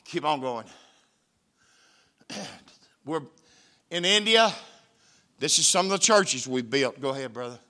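Folksy preacher man, bright-voiced. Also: fairly high pitch, animated, slow pace, pauses often. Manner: folksy storytelling, preacherly emphasis. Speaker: missionary preacher. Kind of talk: testimony sermon with slideshow. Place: church sanctuary.

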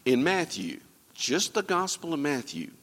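A man preaching a sermon as pastor, swinging between loud emphatic lines and quiet, low asides. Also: very animated, measured pace, long reverb tail. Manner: preaching with sweeping rises and drops in pitch and loudness.

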